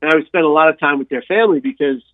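A man telling a long personal story in an interview, animated, with frequent restarts and repeated words. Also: fairly high pitch, rapid-fire, dry recording. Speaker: guest sharing his life story. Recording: dry tinny phone-like sound.

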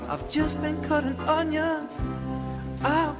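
A man singing a comedic ballad as a jilted lover, slow and mock-earnest. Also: very high voice, flat delivery. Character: jilted man denying he is crying. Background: music.

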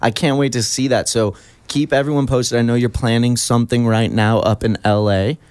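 A man's voice: medium pitch, fairly even intonation, moderate pace, darkish tone, clear, resonant tone, no echo. A man hosting a radio show, chatting casually with guests, laughing easily and restarting his sentences. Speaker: radio host. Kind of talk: casual interview.

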